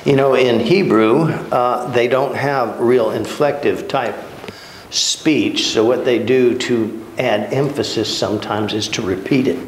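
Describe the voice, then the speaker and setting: A man's voice: mid-range voice, fairly even intonation, measured pace. Joking male Bible class teacher, roomy. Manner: joking, conversational, repeats words for emphasis. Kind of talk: church Bible class lesson. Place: church classroom. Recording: roomy echo, faint background hiss.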